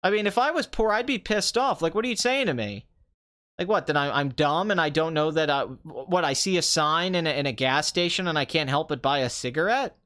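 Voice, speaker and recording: A man's voice: a little high, animated, a little fast, fairly bright tone. A young man hosting a casual movie review talk, ranting sarcastically with mocking asides. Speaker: movie review podcast host.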